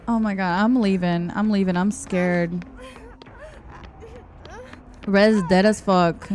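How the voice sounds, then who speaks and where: Slow-talking woman streamer, chatty. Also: mid-range voice. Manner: chatty, reads out and answers chat, laughs often. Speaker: game streamer. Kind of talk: casual live-stream chat while gaming. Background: soft background music.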